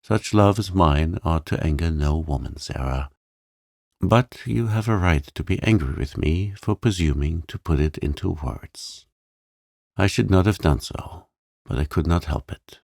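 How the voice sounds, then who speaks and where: A man's voice: low-pitched, measured pace, gravelly, a little mellow, dry recording, studio quality, heavily acted. A man doing a humble, devoted suitor.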